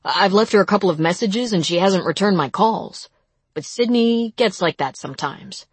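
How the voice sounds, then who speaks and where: A woman's voice: mid-range voice, lively intonation, moderate pace, breathy edge, dry recording. A woman voicing an alarmed, protective man. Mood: urgent. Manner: urgent, commanding.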